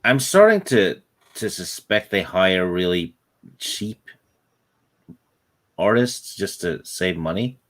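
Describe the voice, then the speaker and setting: A man with a very low, deep voice joining a casual chat show. He adds short, dry, wry remarks to the conversation. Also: sing-song, slow pace, pauses often, fairly bright tone. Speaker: podcast co-host.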